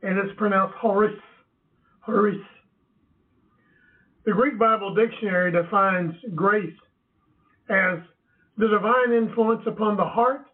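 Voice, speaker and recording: A man teaching from the Bible in a measured way, with emphatic asides. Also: high-pitched, far from the mic. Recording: tinny phone-like sound.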